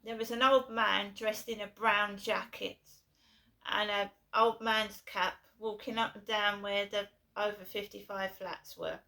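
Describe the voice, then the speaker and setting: A woman's voice: medium pitch, flat delivery, measured pace, gravelly, pushed and bright. A middle-aged woman from England telling a long personal story in a rambling way, repeating herself with many fillers and restarts. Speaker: vlogger.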